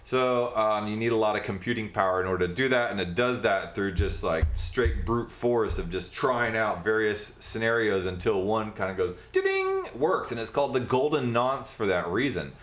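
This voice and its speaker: Low-voiced man rambling through an explainer. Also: normal speed, hardly any pauses, a bit bright, reverberant. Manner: rambling, many fillers and asides. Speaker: podcast host. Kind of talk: casual explainer livestream.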